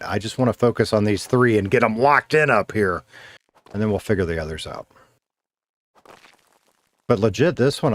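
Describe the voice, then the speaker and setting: A man streaming a game, rambling casually, thinking aloud and chatting with his viewers through a streaming mic. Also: fairly low pitch. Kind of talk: casual live-stream chatter while gaming. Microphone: streaming mic with noise gate.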